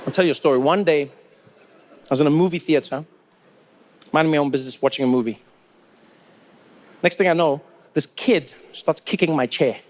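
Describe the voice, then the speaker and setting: A man with a South African accent telling stand-up comedy stories with animated, repetitive comic timing. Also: fairly high pitch, a little fast, pauses often.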